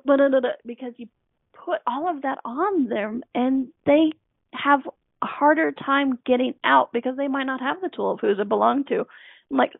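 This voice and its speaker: On a self-help radio show, a woman hosts in an earnest, coaching manner, circling back to her key phrases. Her voice sits high and creaky at a moderate pace. The line sounds dry and tinny, like a phone, with no echo.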